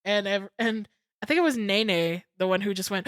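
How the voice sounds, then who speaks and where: A young woman streamer telling a story in casual chat, excitable and swearing freely. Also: mid-range voice, moderate pace, dry recording, clean studio sound.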